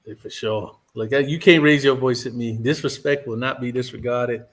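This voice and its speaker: A man's voice: medium pitch, moderate pace. Firm, emphatic man on a podcast panel. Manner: emphatic and firm, laughs easily. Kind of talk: casual panel chat.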